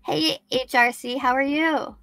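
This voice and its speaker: A woman hosting a true crime livestream, reading a news story aloud, thinking out loud and chatting with her viewers by name. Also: high voice, fairly even intonation, unhurried, creaky, no room sound, soft background music. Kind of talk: live-stream chat, reading news aloud.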